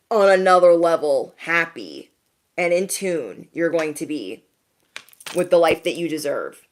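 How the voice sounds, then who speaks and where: Sassy chatty woman reader, lower voice. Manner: chatty, sassy slang, asks "okay?" often. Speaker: intuitive reader addressing her audience. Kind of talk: casual motivational reading.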